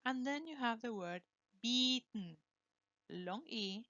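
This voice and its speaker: A woman teaching English pronunciation, slowly and deliberately modelling words for students to repeat. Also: a little high, expressive, sharp tone, no room sound, highs cut off. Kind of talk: pronunciation lesson with drills.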